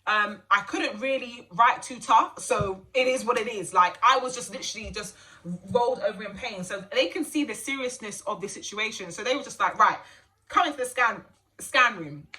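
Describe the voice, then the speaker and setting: A young woman telling a personal story to camera in an animated, chatty way, laughing and repeating phrases for emphasis. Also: fairly high pitch, normal speed. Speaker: vlogger.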